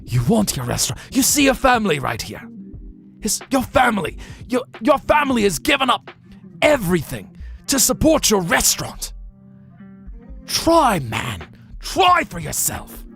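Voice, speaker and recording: A man voicing a furious shouting male chef with a put-on Scottish accent. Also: high voice, wildly swooping pitch, unhurried, vocal fry, faint music behind, voice pushed up, heavily acted. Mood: pleading. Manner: shouting, insulting, dragged-out words.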